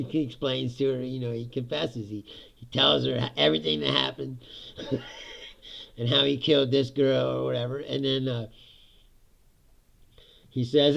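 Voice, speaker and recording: Man host, casual profane rant, gravelly and animated; dull lo-fi recording. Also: medium pitch, moderate pace. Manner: profane, laughs often, animated. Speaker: podcast host. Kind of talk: casual ranting monologue. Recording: dull lo-fi sound.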